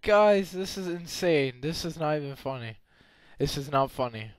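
A young man giving game commentary, excitable, often yelping and screaming when in danger. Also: on the high side, moderate pace, no room sound. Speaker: gameplay commentator.

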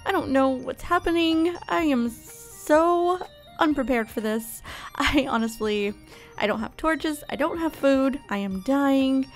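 A young woman giving casual, bubbly gameplay commentary, gushing and gasping as she explores. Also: high-pitched. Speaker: gaming YouTuber.

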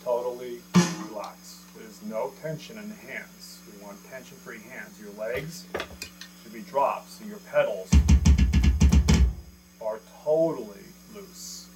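A man's voice: on the low side, takes it slowly, over loud music, low-quality recording. A man teaching a drum lesson, explaining step by step, counting beats aloud and checking in with the viewer as he goes. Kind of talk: casual video drum lesson. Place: indoor room with electronic drum kit. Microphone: camera mic.

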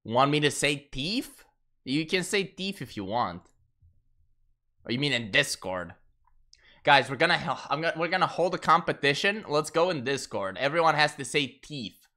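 A man streaming a game who talks in a bright, edgy tone, his pitch swinging widely. He rants and swears in casual exasperation while he chats with viewers. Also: big pitch swings, moderate pace. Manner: profane, exasperated ranting with laughter. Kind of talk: casual gaming stream chat.

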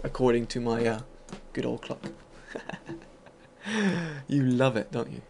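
A man's voice: mid-range voice, flat delivery, moderate pace, slight background noise. A man giving loose, rambling commentary over his own gameplay, full of fillers and the odd casual swear. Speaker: gaming video host.

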